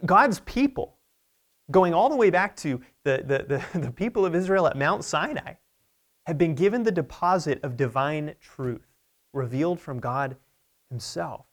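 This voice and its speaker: A male pastor delivers a sermon from a church pulpit, his voice sitting a little high for a man. He preaches in an emphatic but conversational way, often checking in with the congregation. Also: expressive, a little slow.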